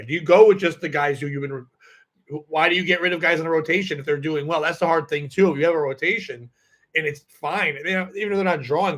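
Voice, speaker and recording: A man's voice: fairly high pitch, fairly bright tone. A man hosting a podcast, telling a rambling story in casual chat, full of fillers and laughs. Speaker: podcast host and comedian.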